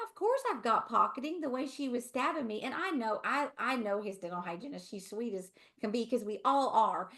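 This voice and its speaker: A woman's voice: on the high side, animated, fairly quick, few pauses, fairly bright tone. Chatty Southern woman telling a story. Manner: chatty, laughing, rambling asides. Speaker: co-host, dental hygienist. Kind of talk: casual webinar storytelling.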